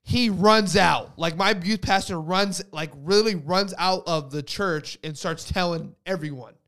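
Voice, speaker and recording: A young man tells his faith story in a loose, rambling way, full of "like" and restarts. His slightly high voice has a gravelly edge yet stays smooth and resonant. He sounds close and dry, with no room around him. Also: a little slow, a bit bright, dry recording. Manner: casual, rambling with many "like" fillers. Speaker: guest sharing a faith story. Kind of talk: casual testimony chat.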